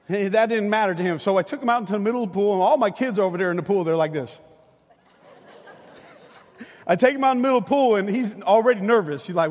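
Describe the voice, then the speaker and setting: Preaching a sermon to his congregation, a middle-aged male pastor with a strikingly high voice drifts into lively, conversational storytelling at a fairly quick pace. His words echo with a long reverb through a large hall.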